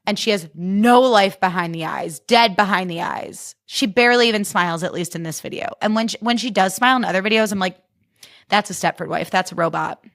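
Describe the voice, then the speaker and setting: A woman comedian talking straight into the mic in a loose, sarcastic monologue, piling on "like" as she riffs. Her voice sits at a middle pitch, and the recording is dry and close. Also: brisk, few pauses, a bit bright, dry recording. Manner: chatty and sarcastic, full of "like". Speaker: podcast host and stand-up comedian. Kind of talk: casual comic monologue.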